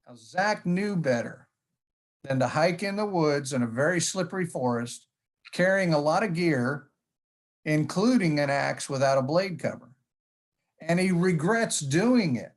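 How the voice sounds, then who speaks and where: A man's voice: fairly high pitch, lively intonation, unhurried. A man giving a conference presentation in a folksy storytelling manner, with jokes along the way. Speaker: conference speaker. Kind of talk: presentation talk.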